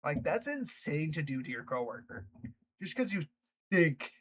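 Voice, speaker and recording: A man's voice: on the high side, very animated, moderate pace, fairly bright tone, low-quality recording. A man reading online workplace stories aloud, breaking off for chatty reactions. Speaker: reddit story narrator.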